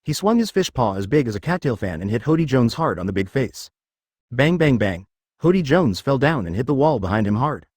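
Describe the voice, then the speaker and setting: A male narrator reads a serialized web novel aloud. His pitch moves about with plenty of life, and the sound is dry and close, with no room around it. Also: sing-song, brisk, a little mellow, no room sound.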